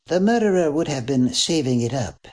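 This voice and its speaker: A narrator voicing a gentle female police officer with a calm, soothing manner. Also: deep voice, moderate pace, pitched above the performer's own voice.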